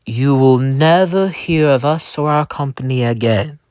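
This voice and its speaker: A man's voice: medium pitch, measured pace, clean tone, no echo, highs cut off, close to an everyday voice. A man voicing a smug, menacing male company lawyer with a German accent who makes veiled threats.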